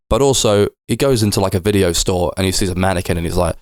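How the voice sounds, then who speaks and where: A man's voice: low voice, fast, few pauses, darkish tone, no echo, studio quality. A young man co-hosting a podcast, chatting loosely about films, rambling and swearing, and sometimes slipping into silly voices to act out what the characters say. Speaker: podcast co-host. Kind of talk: casual film chat.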